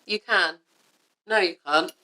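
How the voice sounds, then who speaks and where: A woman's voice: on the low side, slow, pushed and bright. A woman co-hosting a podcast, teasing her friend dryly and swearing casually. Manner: dry, teasing, swears often. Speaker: podcast co-host. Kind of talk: casual chat.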